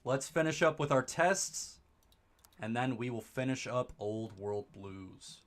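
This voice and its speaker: A young man giving goofy, rambling let's play commentary, breaking into excited high-pitched exclamations. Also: slow. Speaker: streamer.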